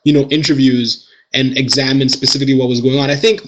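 A man's voice: mid-range voice, fairly even intonation, quick pace, poor audio. A man co-hosting a podcast, talking at length with lots of filler words. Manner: talkative, full of filler words. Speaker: podcast co-host. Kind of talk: casual chat.

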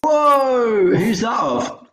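Slow, giggly man in an echoey room. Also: very high voice, expressive, fairly bright tone. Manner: laughs a lot, teasing. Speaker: podcast co-host. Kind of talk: casual comedic chat. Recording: echoey room, faint noise.

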